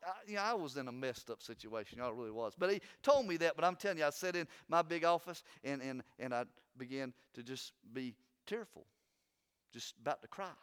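A man preaching a sermon, swinging between loud urging and hushed, earnest talk. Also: fairly high pitch, expressive, a little fast, smooth.

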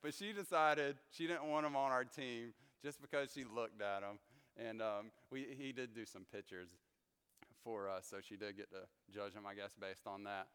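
A man leading a Bible study, telling stories in a chatty, animated way with many fillers. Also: fairly low pitch, normal speed, smooth. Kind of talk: casual storytelling Bible study talk. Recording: long hall reverb.

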